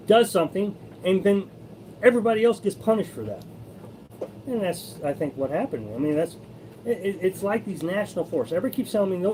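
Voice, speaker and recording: A Missouri man hosts a casual live stream about RV living, answering viewer comments in a rambling, opinionated style with frequent restarts. His voice sits high and mellow, and the poor audio carries a slight hiss or hum.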